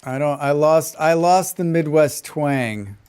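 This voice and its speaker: A man with a flat General American accent, a game streamer chatting casually while he plays, rambling from point to point and humming little tunes to himself between remarks. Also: on the high side, slow pace, smooth. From western United States. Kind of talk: casual chat while gaming and reading chat.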